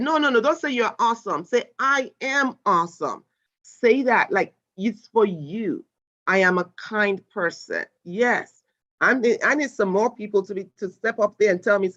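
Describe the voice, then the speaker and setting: Woman running a mindfulness class on a video call, hypes people up, reads their chat out loud, kinda muffled lo-fi sound. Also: mid-range voice. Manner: encouraging, reads audience replies aloud with lively exclamations. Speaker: mindfulness instructor. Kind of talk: live online class. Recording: dull lo-fi video call audio.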